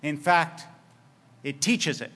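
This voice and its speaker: A man's voice: a little high, slow, pushed and bright. A man preaching as a rabbi, telling a scripture story with wry humor and dramatic quoted lines. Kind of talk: sermon. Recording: long hall reverb.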